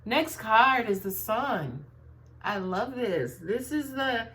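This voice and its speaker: A woman's voice: on the high side, lively intonation, slow, a bit bright. A woman giving a casual tarot reading to viewers, talking in a chatty way and often tagging her sentences with "right?". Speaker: tarot reader.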